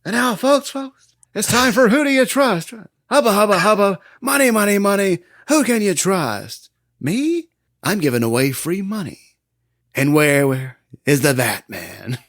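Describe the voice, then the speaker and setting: A man's voice: sits high, sing-song, a little slow, fairly bright tone, dry recording, studio quality, pitched above the performer's own voice, heavily acted. A man voicing a gleeful, menacing male clown villain with a cackling showman's patter. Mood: showman teasing.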